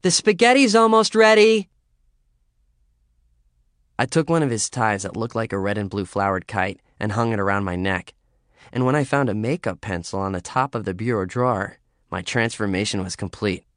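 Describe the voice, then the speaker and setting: A man reading a first-person story as an audiobook narrator, in a measured, understated way. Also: fairly low pitch, no echo, clean studio sound.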